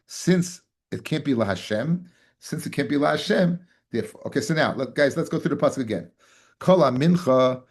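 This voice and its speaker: A man's voice: medium pitch, darkish tone. A man, a rabbi teaching a daily Talmud class, who repeats phrases, fires rhetorical questions at his listeners, calls them "guys" and mixes Hebrew and Yiddish terms into his English.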